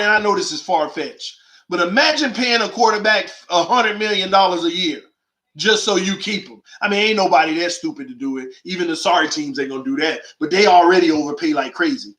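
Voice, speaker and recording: A man's voice: high voice, pushed and bright, echoey room. A man hosting a call-in sports show, delivering an emphatic, slangy monologue full of rhetorical questions. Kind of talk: animated opinionated monologue.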